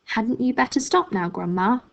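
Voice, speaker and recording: A woman's voice: a little high, expressive, normal speed, vocal fry. A woman voicing an anxious, polite young boy who calls out and pleads in a storybook read-aloud. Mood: worried. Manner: pleading, calling out.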